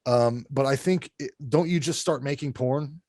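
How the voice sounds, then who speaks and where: A man's voice: medium pitch, moderate pace, a little mellow, dry recording. A man hosting a horror movie podcast, talking bluntly and profanely, rambling with lots of fillers. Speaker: podcast host. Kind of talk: casual podcast review chat.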